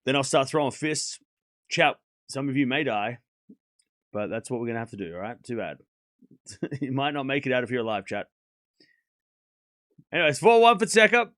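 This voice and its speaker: A man's voice: mid-range voice, fairly quick, long pauses, fairly bright tone, dry recording, studio quality. A man on a live stream, calling tennis points and chatting and teasing with his chat. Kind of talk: casual live-stream commentary.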